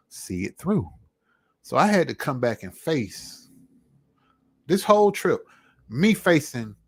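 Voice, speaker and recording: A man's voice: mid-range voice, fairly bright tone. Earnest man giving a personal testimony. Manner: earnest, reflective storytelling. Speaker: vlogger.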